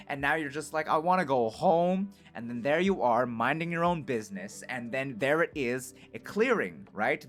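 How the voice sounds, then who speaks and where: A man streaming, telling an improvised story to his chat in an animated, rambling way full of "right?" and "like". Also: a little high.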